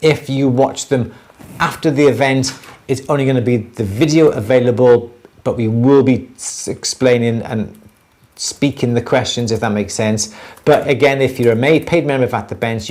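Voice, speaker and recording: A man co-hosts a casual jewellery livestream with a mid-pitched voice. He talks in a loose, rambling way, often restarting and repeating his words. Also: fairly even intonation, normal speed, a little mellow.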